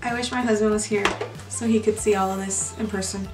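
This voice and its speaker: A young woman chatting casually to her viewers as she unboxes beauty products, gushing and excitable. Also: mid-range voice, a little fast. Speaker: beauty vlogger. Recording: echoey room, mic far off, music behind.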